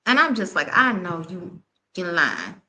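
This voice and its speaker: Woman, tarot reader, animated, slangy, bright tone. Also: lowish voice, measured pace. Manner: animated, laughing, slangy and candid. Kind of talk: live tarot reading and storytelling.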